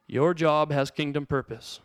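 A middle-aged male pastor giving a sermon with lively storytelling, acting out the people in his stories. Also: on the high side, unhurried, clean tone, no room sound, studio quality. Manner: storytelling, acts out quotes in bursts.

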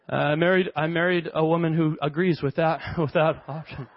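High-voiced pastor preaching animatedly. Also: male voice, moderate pace, no room sound. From Canada. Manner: animated, conversational preaching with playful asides. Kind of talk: sermon. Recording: dry, dull lo-fi sound.

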